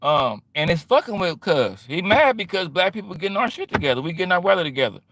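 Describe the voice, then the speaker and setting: Middle-aged male streamer, slangy casual monologue, bright and forceful tone, fairly high voice. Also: fast, a little hiss or hum. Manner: animated and slangy, acting out quoted exchanges.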